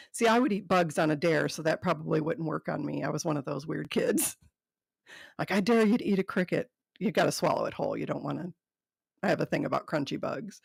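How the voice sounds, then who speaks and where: Female host, amused and chatty, gravelly tone, lively pitch, dry close recording. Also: fairly quick, no room sound. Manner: amused, laughing often; dry commentary between readings. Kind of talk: casual reading of funny notes.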